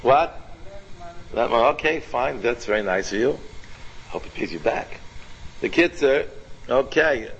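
A man teaching an informal Torah class, animated and repetitive, firing questions at his students by name. His voice sits at a middle pitch. The recording is dull and lo-fi. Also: unhurried, pauses often, a little hiss or hum.

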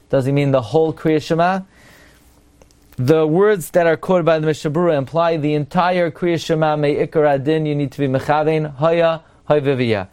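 A man's voice: on the high side, a little mellow. A man, a rabbi, giving an explanatory Torah study lecture, reading Hebrew passages aloud and translating them. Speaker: rabbi teaching a class.

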